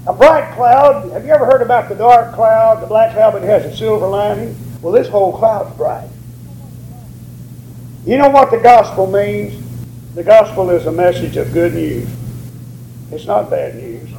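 Male preacher, emphatic and drawn-out delivery, dark gravelly tone, recorded in an echoey hall. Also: high voice, slight background noise. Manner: drawn-out emphatic preaching, rising on key words. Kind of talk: sermon.

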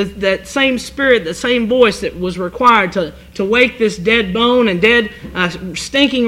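A man preaching a sermon, reading scripture aloud in old-fashioned English and then explaining it in an earnest, halting way with many restarts. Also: high voice, pushed and bright, poor audio.

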